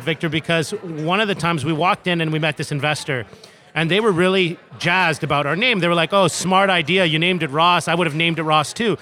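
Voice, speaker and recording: Bright-voiced man answering interview questions. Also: on the high side. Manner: fast, eager, many fillers and restarts. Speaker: tech company co-founder.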